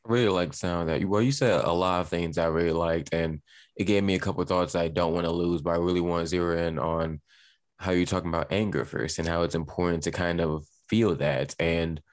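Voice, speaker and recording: A man's voice: deep voice, steady tone, brisk, no echo, clean studio sound. A man hosting a conversation, reflecting thoughtfully on what his guest said. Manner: reflective, builds on guest's points. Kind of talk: conversational interview.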